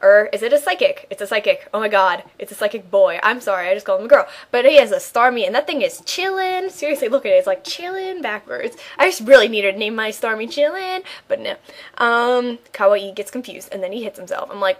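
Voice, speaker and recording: A woman's voice: fairly high pitch, lively intonation, quick pace. Giggly, rambling young woman gamer. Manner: rambling, sarcastic, giggly, lots of ums. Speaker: let's play commentator. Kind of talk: casual gameplay commentary.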